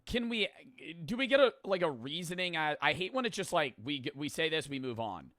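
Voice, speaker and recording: A man's voice: fairly high pitch, big pitch swings, a little fast, pushed and bright, no echo, studio quality, soft background music. A man in a casual reaction chat, blunt, swearing freely and riffing with mock voices. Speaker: co-host reacting to videos.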